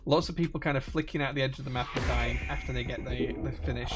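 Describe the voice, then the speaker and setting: A man streaming live, commentating viewer marble races in quick play-by-play, reeling off player names with casual asides, his voice a little worn. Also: medium pitch, steady tone, over music. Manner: rapid name-listing play-by-play with casual asides. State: slightly losing his voice.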